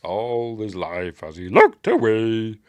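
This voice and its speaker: A man with a Yorkshire accent voicing a tiny ancient male Jedi master who talks slowly with back-to-front phrasing. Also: on the low side, wildly swooping pitch, dry recording, full character voice. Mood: stern.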